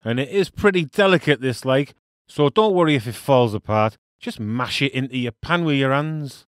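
A man with a broad Teesside accent talks through a recipe in a relaxed, jokey way. He peppers his steps with local slang and mangled French. His voice sits at a middling pitch and sounds dry and close to the mic. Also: moderate pace, dry recording. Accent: Teesside English. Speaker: cooking show host. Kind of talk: casual cooking demonstration.

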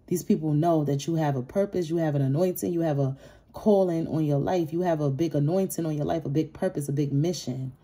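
A woman's voice: low-pitched, brisk, dark tone, slightly rough. Blunt, profane woman reading tarot. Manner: blunt, profane, heated, mimics others in raised voice. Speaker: tarot reader.

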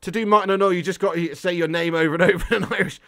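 A young man casually chatting on a game live stream, jokey and quick to laugh. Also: a little high, big pitch swings, a bit bright, no echo, studio quality.

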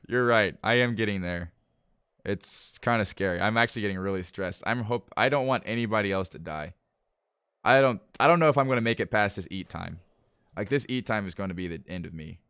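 This man talks casually with his viewers as he streams a game, switching between relaxed play-by-play and frustrated outbursts. His voice sits a bit low. The sound is close and dry, with almost no room. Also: normal speed, clean tone, dry recording. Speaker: livestreamer playing a management game. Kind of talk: casual live gameplay commentary.

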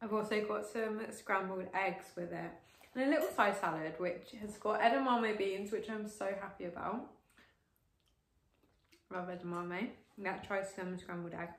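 A woman in her late teens chatting to camera as a vlogger while she eats, gushing and excitable, with lots of fillers. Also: medium pitch, moderate pace. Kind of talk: casual to-camera vlog while eating. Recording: roomy echo.

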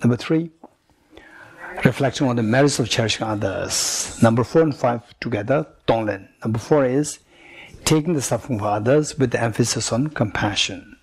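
A man giving a Buddhist retreat teaching, repeating each point slowly and deliberately and pausing for an interpreter. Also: medium pitch, darkish tone, husky. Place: retreat center teaching room.

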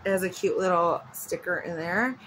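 A woman's voice: lowish voice, moderate pace, a bit bright, slight background noise, poor audio. A woman vlogging at home in a casual, chatty way, rambling off into asides. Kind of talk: casual chat. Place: at home with her dog nearby.

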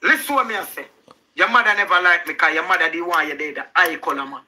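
A man's voice: fairly high pitch, fast, pushed and bright, low-quality recording. A young man with a Jamaican accent, arguing heatedly on a live stream, insistent and talking over the other person, repeating himself.

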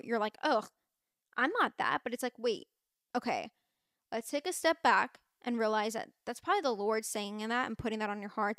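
A young woman with a slightly high voice hosts a podcast in an earnest, chatty way. She leans on fillers and restarts her sentences often. The sound is dry and close, with no room echo. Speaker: podcast host. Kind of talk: casual faith talk to listeners.

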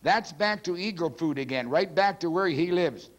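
Emphatic preacher, a man, higher voice. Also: expressive, normal speed. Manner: forceful, emphatic preaching with big swings in pitch; frequent throat clearing. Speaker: pastor. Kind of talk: sermon teaching. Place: church pulpit.

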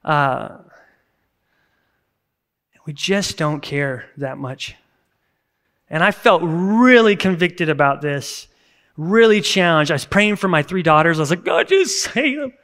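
Male pastor, sermon, fairly high voice, earnest, conversational, sudden emphatic bursts. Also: slow pace, long pauses, a bit bright. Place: church service recording.

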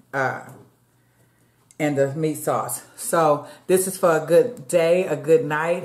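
A woman's voice: low-pitched, a little mellow. A woman, chatting casually to her viewers during an eating show and calling them y'all. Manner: chatty, addresses viewers as y'all, eats between lines. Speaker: mukbang vlogger. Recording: echoey room.

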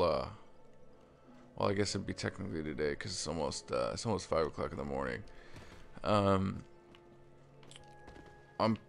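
A man's voice: low voice, creaky. A man giving casual commentary over his own game, rambling with lots of fillers, restarts and the odd stutter, and swearing when surprised. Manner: stutters while explaining. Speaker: let's play gamer.

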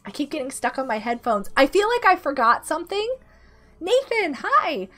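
A woman in her thirties, sick with a rough throat, chatting casually and giggling as she greets viewers during a game stream. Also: sits high, big pitch swings, moderate pace, fairly bright tone. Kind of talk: casual live-stream chat while gaming. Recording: faint music behind the voice.

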